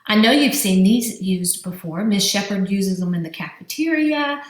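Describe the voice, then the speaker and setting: Expressive and mid-range, a woman's voice echoes as she teaches young children vocabulary. She speaks in slow, elongated syllables, spelling the letters aloud.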